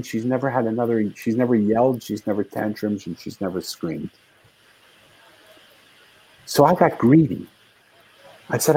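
Dark, husky older man telling a story. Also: mid-range voice, low-quality recording. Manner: earnest, heartfelt storyteller, rising in intensity. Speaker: author and guest speaker. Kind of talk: storytelling interview talk.

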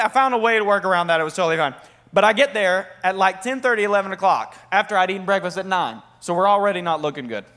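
A young man preaching a sermon, energetic and conversational, calling on the congregation to respond. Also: high voice. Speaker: worship leader and preacher.

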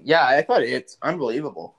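A Canadian man as a guest on a casual podcast, telling stories in an animated, upbeat way. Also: mid-range voice, brisk, creaky, slightly rough. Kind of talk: casual chat.

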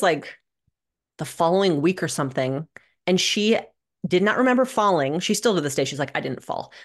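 A young adult woman telling a personal story as a podcast guest, animated and sardonic, swearing freely. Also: fairly low pitch. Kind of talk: candid conversational storytelling. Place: living in Minnesota.

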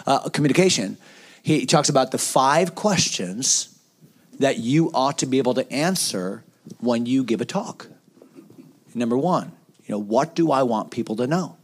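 Animated man asking rhetorical questions. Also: mid-range voice, normal speed. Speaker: pastor. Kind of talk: round-table discussion on preaching.

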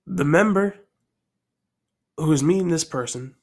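A man casually telling his own story idea aloud, rambling and thinking out loud as he goes. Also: on the high side, unhurried.

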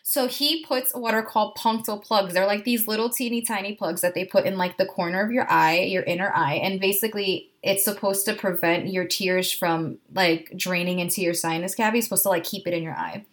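Female podcast co-host, casual and profane, animated anxious storyteller, medium-pitched voice. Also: a little fast, few pauses. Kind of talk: casual chat.

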